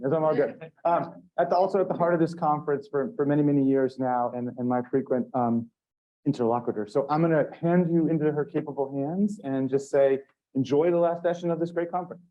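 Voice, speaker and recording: A man introducing speakers at an academic conference, talking in a rambling, halting way with many fillers. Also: a little high, mellow, dull audio. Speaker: conference session host. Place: lecture hall.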